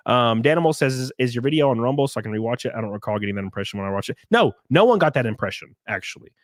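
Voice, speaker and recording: A man chats on his livestream, reading viewer messages aloud and mimicking critics in mocking voices. His voice sits at an ordinary middle pitch, and the room sounds dry and close. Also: very fast, dry recording. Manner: animated, swears, mocks critics in put-on voices. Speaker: livestream host. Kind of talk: casual livestream chat reading super chats.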